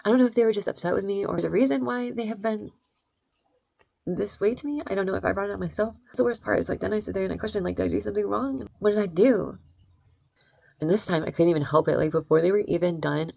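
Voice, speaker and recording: A woman's voice: on the low side, fast, gravelly, a little mellow, no room sound. A young adult woman telling a rambling, emphatic story in a casual vlog, full of "like" and "right?". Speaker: vlogger.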